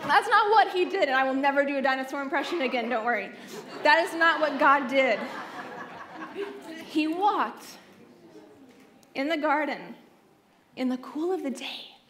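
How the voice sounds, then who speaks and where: A young adult woman giving a sermon at a youth conference. She tells the story expressively with playful asides and often drops into soft, hushed tones. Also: sits high, normal speed, long pauses, some chatter behind. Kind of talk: sermon, Bible teaching. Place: conference stage.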